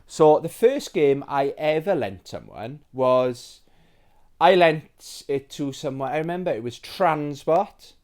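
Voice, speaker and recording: A British man in his forties hosting a nostalgic show-and-tell about old games, rambling and chatty with plenty of fillers, excitable and sentimental. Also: on the high side, slow. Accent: British English. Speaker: retro game collector host.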